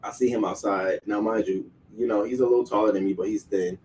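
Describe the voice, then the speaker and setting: A man's voice: on the low side, fast, recorded from a distance, slight background noise, low-quality recording. A man hosting his own show, telling a personal story in casual, profane speech and acting out the people he quotes. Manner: profane, animated, acts out quoted voices. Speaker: show host.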